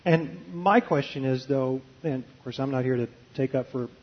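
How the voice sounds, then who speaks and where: Halting Baptist preacher, muffled sound. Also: male voice, mid-range voice. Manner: hesitant, many fillers and restarts. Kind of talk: conversational interview, reading a passage aloud.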